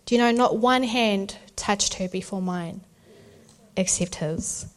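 A woman's voice: mid-range voice, measured pace. A woman, telling a birth story as church testimony and acting out the voices of the people in it. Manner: animated storytelling, acts out voices. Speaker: speaker sharing a birth testimony. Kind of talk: testimony talk at a church event.

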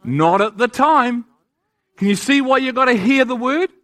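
High-voiced man preaching a sermon. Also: animated, normal speed, fairly bright tone. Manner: emphatic, asks the audience rhetorical questions.

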